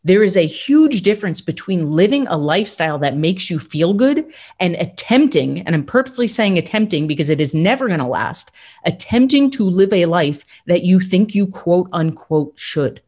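A woman's voice: fairly low pitch, sing-song, moderate pace, a little mellow, husky. A woman hosting a motivational podcast, talking in an upbeat, emphatic coaching tone. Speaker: podcast host.

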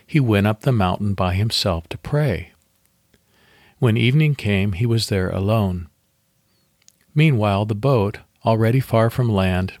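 A man hosting a devotional podcast, reading scripture slowly and leading a guided meditation. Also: on the low side, dry recording, studio quality.

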